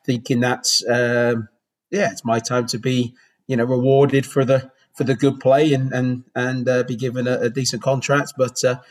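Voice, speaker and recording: A man's voice: medium pitch, level tone, normal speed, rough recording. A man in his forties with a Bristol accent, a former goalkeeper telling stories in a rambling interview, with many restarts. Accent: Bristol English. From Bristol, England. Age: 40s. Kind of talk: casual interview storytelling.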